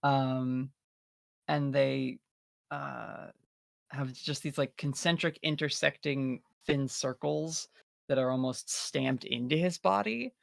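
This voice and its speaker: A man's voice: mid-range voice, takes it slowly, vocal fry, no room sound, studio quality. A player in a tabletop game, a man describing his character at length in a rambling, filler-heavy way.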